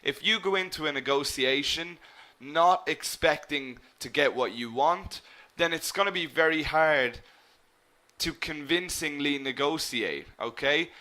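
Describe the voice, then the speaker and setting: A man's voice: fairly high pitch, measured pace. A man teaching an online business English lesson, encouraging his students, naming them as he checks their answers, and often asking "okay?". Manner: lively emphasis with frequent "okay?" and "guys".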